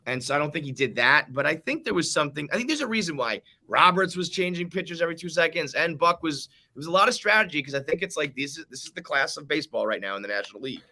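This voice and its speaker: A man's voice: fairly high pitch, expressive, fast, hardly any pauses, pushed and bright. A man co-hosting a sports podcast, talking casually and ranting with lots of swearing. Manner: profane, heated ranting. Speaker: podcast co-host.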